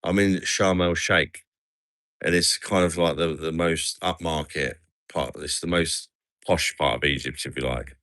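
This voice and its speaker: A chatty English man hosts a casual livestream and keeps calling people "mate". His voice is very low yet bright and forward. The sound is close and dry, with no room around it. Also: fairly even intonation, unhurried, no room sound. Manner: chatty, says "mate" a lot. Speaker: livestream host. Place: outdoors at night in a resort town.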